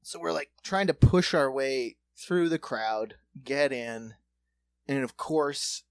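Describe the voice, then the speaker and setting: A man in casual podcast chat, telling a profane, animated story and slipping into quick character voices. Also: mid-range voice, no room sound.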